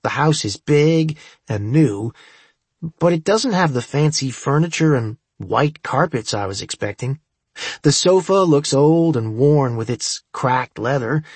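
A man's voice: mid-range voice, husky, dry recording. A man reading a first-person story aloud as an audiobook narrator, in a wry, conversational way.

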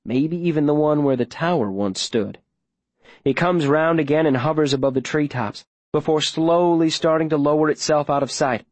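A man narrating a first-person audiobook in a low, steady storytelling voice. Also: no room sound.

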